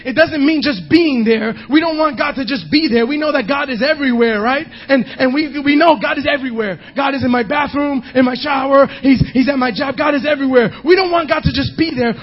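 A male pastor preaching a sermon, emphatic, often shouting and half-singing his lines. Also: very high voice, brisk, hardly any pauses, highs cut off.

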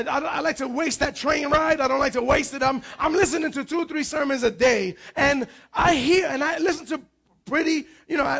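High-pitched, gravelly pastor preaching loudly. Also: male voice. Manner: energetic preaching with frequent shouts and repeated words. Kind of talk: sermon.

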